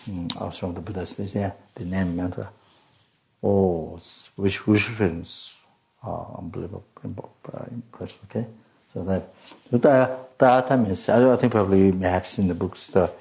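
A man teaching a dharma talk in a slow, unhurried way, his voice rough with fry. He gropes for words, restarts often and stops to cough or clear his throat, with a lowish tone. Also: darkish tone. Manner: halting, many fillers and restarts. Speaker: Buddhist teacher.

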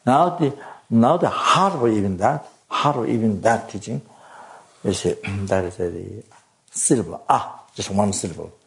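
A man giving a Buddhist Dharma teaching, speaking haltingly with many fillers, repeated words, throat-clearing and coughs. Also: fairly low pitch, animated, low-quality recording.

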